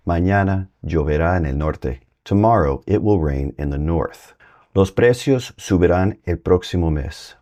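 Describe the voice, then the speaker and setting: A man giving a relaxed, conversational Spanish lesson, explaining grammar through everyday examples. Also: low voice. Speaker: Spanish teacher. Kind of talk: casual language lesson.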